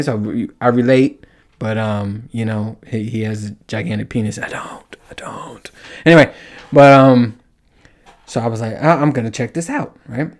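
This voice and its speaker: A man hosting a podcast, telling a story in a casual monologue, swearing often and acting out his own reactions. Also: mid-range voice. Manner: animated, profane, acts out his own reactions. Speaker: podcast host.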